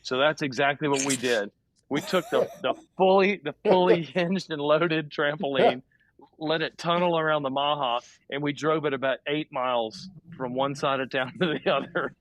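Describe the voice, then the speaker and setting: Higher-voiced man, dry close sound. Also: moderate pace, dry recording. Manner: laughs through his own story. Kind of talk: casual storytelling chat.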